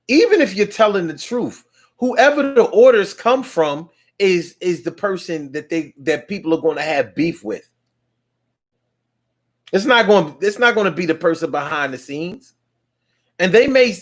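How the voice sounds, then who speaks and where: A man talking in a casual monologue, rambling along with frequent restarts and fillers. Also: a little high.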